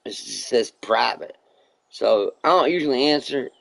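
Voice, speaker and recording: A man's voice: medium pitch, moderate pace, vocal fry, dry recording. A man live streaming who tells a rambling, profane story in casual chat, acting out the other people's lines as he goes. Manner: profane, rambling, animated retelling with quoted dialogue.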